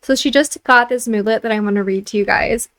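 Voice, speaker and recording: A young woman hosts a laid-back gameplay narration. She talks in a chatty way with lots of filler words, and her voice sits a little high. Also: brisk, a bit bright. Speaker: let's play host.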